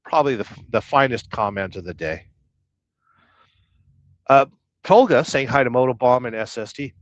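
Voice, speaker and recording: A truck driver hosts a casual live stream from his truck while waiting to unload, joking and rambling as he reads viewers' comments aloud. His mid-range voice is expressive and moderately paced, with no room sound and the highs cut off.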